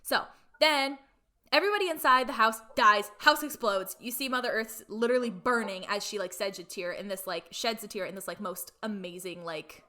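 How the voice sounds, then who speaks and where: Bright-voiced woman, chatty podcast host. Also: mid-range voice, normal speed. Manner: chatty, filler-heavy, acts out characters' lines. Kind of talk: casual chat, retelling a film plot.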